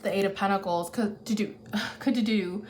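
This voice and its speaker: A woman's voice: medium pitch, steady tone, normal speed, darkish tone, a little hiss or hum. A woman giving a casual tarot reading who thinks aloud and corrects herself as she goes, caffeinated. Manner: chatty, thinks aloud, restarts and self-corrects. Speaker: tarot reader.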